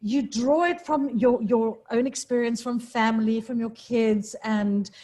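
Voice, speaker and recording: High-voiced woman interviewer. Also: steady tone, measured pace, dark tone. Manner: encouraging, laughs along. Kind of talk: casual interview.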